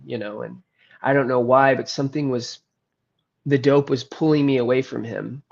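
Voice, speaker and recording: Earnest halting man telling his story. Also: mid-range voice, steady tone, vocal fry. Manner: earnest, halting, with frequent trailing pauses. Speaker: guest recounting his addiction and recovery. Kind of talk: candid personal storytelling. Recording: slightly muffled lo-fi audio.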